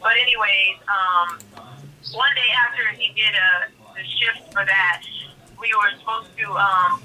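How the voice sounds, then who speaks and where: A woman giving an emotional first-person account as a guest, animated and repeating herself. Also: mid-range voice, a little slow, recorded from a distance, rough recording.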